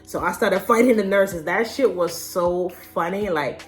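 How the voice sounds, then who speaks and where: A woman's voice: lowish voice, a little slow, soft background music. A young adult woman telling a personal story in a casual vlog, candid and slangy. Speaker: vlogger.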